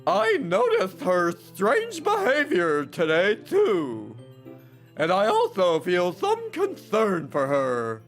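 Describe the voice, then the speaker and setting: A man reading visual novel dialogue aloud, voicing a shy, thoughtful anime schoolgirl with a slow, earnest, poetic delivery. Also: high voice, wildly swooping pitch, fairly bright tone, faint music behind, heavily acted.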